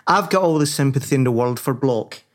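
A man's voice: medium pitch, animated, a little fast. Chatty rambling man co-hosting. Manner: chatty, rambling, many fillers and restarts. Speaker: podcast co-host. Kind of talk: casual chat.

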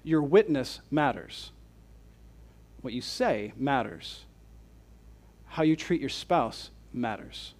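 Emphatic preacher, rhetorical questions. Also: male voice, medium pitch, lively intonation, takes it slowly, long pauses, a little mellow. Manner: reads scripture then explains with rhetorical questions; emphatic and repetitive. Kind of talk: conference sermon.

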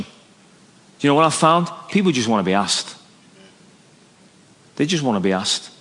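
Fervent preacher in a long-reverb hall. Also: male voice, sing-song, moderate pace. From Northern Ireland. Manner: dynamic preaching, drops low and soft for emphasis, rises for acted quotes. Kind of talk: sermon. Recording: echoey hall recording.

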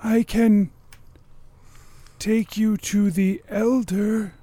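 A man doing a slow, courteous turtle person. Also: high-pitched, level tone, dark tone. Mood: polite. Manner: very slow, drawn-out speech. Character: slow-talking polite turtle dock worker.

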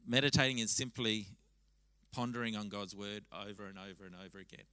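A man delivers a sermon to a church congregation in a bright, forceful voice. He speaks conversationally and tells stories with animated restarts. The sound is dry and close. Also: fairly low pitch, a little fast, no echo, poor audio. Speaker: pastor. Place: church service.

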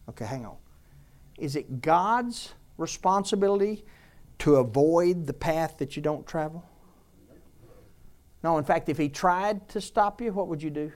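A man preaching a sermon to a congregation, exhorting loudly at times and dropping to quiet asides. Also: fairly high pitch, expressive, measured pace. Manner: emphatic, swings from loud exhortation to quiet asides.

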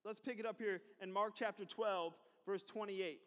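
A man's voice: high voice, steady tone, moderate pace, a bit bright. A man preaching a sermon as a pastor, talking in a conversational way with asides and repeated phrases. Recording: long hall reverb.

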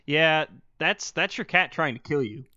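A young man co-hosting a casual podcast, with dry, deadpan humor. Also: on the high side, a little slow, no echo, lo-fi sound. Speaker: podcast co-host. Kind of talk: casual chat.

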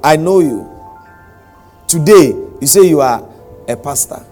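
A man's voice: on the high side, expressive, unhurried, dark tone, faint music behind. A man voicing a mocking male demon during a sermon, speaking in a taunting, contemptuous way.

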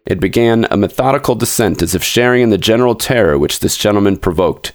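A man's voice: low voice, fast, few pauses, dry recording, studio quality. A man reading a classic short story aloud as a podcast storyteller, in a dramatic narration that speaks to the listeners directly.

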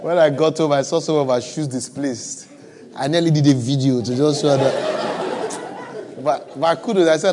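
A man's voice: fairly high pitch, moderate pace, a crowd in the background, background noise. A man with a West African accent preaching a sermon to a church audience, conversational and humorous, repeating his phrases for emphasis. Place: church with live and online audience.

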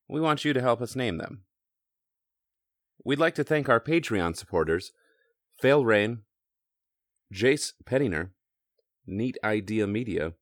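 A man hosting a podcast and narrating as game master, relaxed and hesitant with fillers. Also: fairly low pitch, dry recording, clean studio sound.

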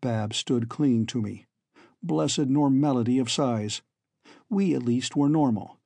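Narrating in the first person for an audiobook, this man keeps his delivery measured and steady. He has a medium, creaky voice, and there's no room sound.

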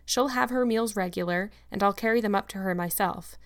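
A woman reading a stern, brisk farm woman. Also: medium pitch, close to an everyday voice. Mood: indignant. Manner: brisk and firm. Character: stern, strict middle-aged woman.

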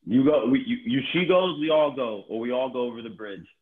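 A man, a podcast guest telling stories in a slangy, animated way. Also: medium pitch, normal speed. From New Orleans. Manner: animated, acts out others' quotes, slangy. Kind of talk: casual storytelling. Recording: tinny phone-like line.

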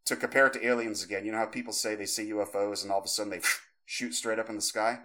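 Man, thirties, low voice, podcast co-host, rambling storytelling, many fillers and restarts, acts out voices. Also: fairly even intonation, fast, sharp tone.

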